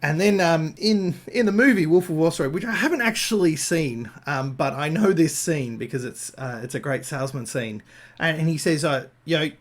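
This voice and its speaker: An Australian Christian speaker gives an improvised talk, thinking aloud with many fillers and restarts. His voice is fairly high, animated, and at a normal speed.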